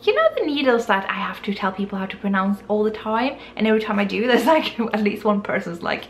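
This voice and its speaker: Gravelly woman, giggly. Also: medium pitch, animated, brisk, few pauses, slight background noise. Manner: giggly, self-deprecating, stumbles over English words. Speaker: podcast guest. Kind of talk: casual chat, showing a yarn haul.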